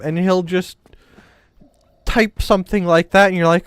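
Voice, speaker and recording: A man's voice: high voice, moderate pace, smooth, dry recording. A man streaming a game, chatting casually with his viewers in a joking, rambling, teasing way. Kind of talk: casual gameplay commentary.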